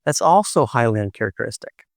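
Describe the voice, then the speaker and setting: A middle-aged man and podcast host telling a personal story in a gentle, unhurried way, with thoughtful pauses. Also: medium pitch, sing-song, gravelly, dry recording, studio quality.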